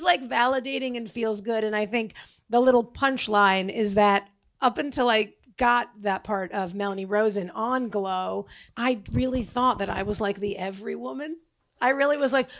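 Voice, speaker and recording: A middle-aged woman, an actress taking part in a live on-stage Q&A. She talks casually and tells quick jokes, with lots of "like". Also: a little high, lively intonation. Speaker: actress and guest.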